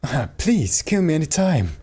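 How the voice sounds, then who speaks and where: A streamer voicing an unsettlingly polite young man obsessed with hope, speaking softly while reading game dialogue aloud. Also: mid-range voice, big pitch swings, moderate pace, breathy edge. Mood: eerie calm.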